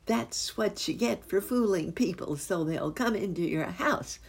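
A woman voicing a bold, teasing young squirrel boy in a storybook, calling out in a high, excited voice with a husky edge. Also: measured pace, heavily acted.

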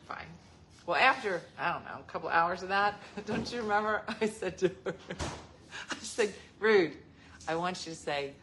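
A woman's voice: medium pitch, normal speed, a little hiss or hum. A woman in her forties hosting a casual chat, telling family stories with lots of laughter. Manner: laughing, animated storyteller. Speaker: host.

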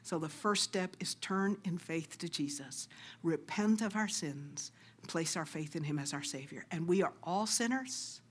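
A middle-aged woman preaching a sermon, earnest and exhorting, sometimes dropping to a hushed near-whisper. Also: on the low side, measured pace, a little hiss or hum. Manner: earnest, exhorting, drops to soft hushed asides.

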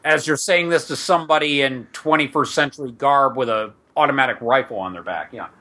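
Bright-voiced man hosting a game podcast. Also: mid-range voice, brisk. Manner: chatty, rambling, with asides to listeners. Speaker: podcast host and game master. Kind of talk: casual chat mixed with reading setting text aloud.

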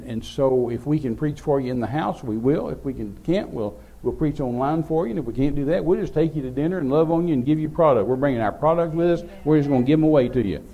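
A man's voice: mid-range voice, gravelly, highs cut off. An older man, telling a rambling, folksy story as a preacher. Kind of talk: sermon storytelling.

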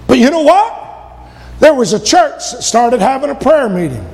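A man preaching a sermon, retelling a story with shouted emphasis and voiced characters. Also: very high voice, very animated, normal speed. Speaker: pastor. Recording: long hall reverb.

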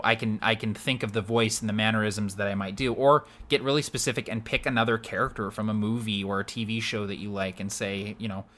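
A man's voice: on the low side, bright, forceful tone. A man co-hosting a casual chat as a game master, upbeat and laughing often. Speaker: podcast co-host and game master.

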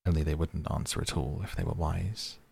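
A curious, chatty young girl who rambles on, musing aloud to herself as she puzzles things out, read by a man. The voice stays deep and gravelly, with a husky edge. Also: steady tone, a little fast, a little mellow, heavily acted. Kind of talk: storybook character reading.

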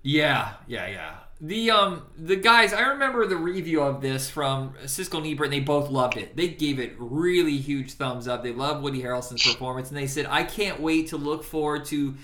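Man from Indiana, podcast co-host: lively, bright, swearing freely and quoting movie lines, echoey room. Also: medium pitch, normal speed, few pauses. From Indiana, USA. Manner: animated, profane, quotes movie lines in funny voices. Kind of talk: casual movie chat.

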